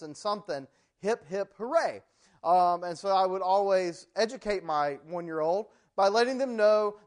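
A man leads a church theology class, and his voice sits notably high for a man. He keeps it loose and joking, talking his way through ideas with plenty of ums and uhs. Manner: joking, chatty teaching with many ums and uhs. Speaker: pastor teaching a theology class.

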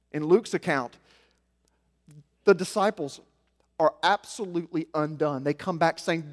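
A man preaching a sermon, with animated delivery that swings between loud emphasis and soft, low asides. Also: a little slow, pauses often. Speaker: pastor. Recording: long hall reverb.

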